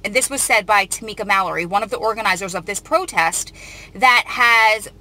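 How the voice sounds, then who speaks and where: Bright-voiced, earnest woman host. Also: medium pitch, fairly quick. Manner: earnest and emotional, with frequent restarts. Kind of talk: reading and commenting on a news article.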